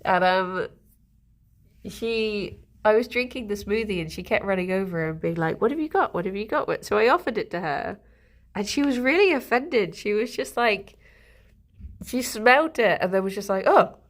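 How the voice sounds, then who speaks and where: A woman's voice: mid-range voice, normal speed. A young woman chatting casually to her livestream audience, giggling often and breaking off to talk to her pet rabbits at home. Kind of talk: casual chat to a live audience.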